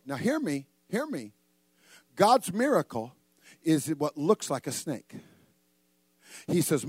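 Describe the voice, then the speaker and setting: An older man preaching a sermon, joking and acting out voices, with sudden loud bursts. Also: fairly high pitch, big pitch swings, a little slow, husky, no room sound. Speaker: pastor.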